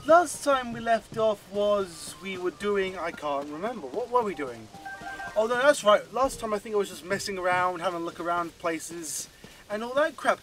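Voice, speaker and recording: A man hosting a let's play, rambling in excitable self-talk as he plays. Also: sits high, moderate pace, faint music behind. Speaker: gaming channel host.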